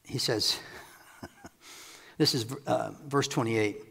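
A man preaching a sermon to a congregation, animated and quick to laugh as he paraphrases scripture. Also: mid-range voice, creaky, slightly rough, in a large hall. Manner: animated, acts out scripture quotes, laughs often.

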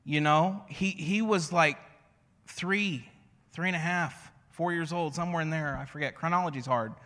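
A man preaching a sermon as a pastor, conversational and storytelling, slowing to a hush on key phrases. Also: a little high, long reverb tail. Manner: conversational, storytelling with self-deprecating asides.

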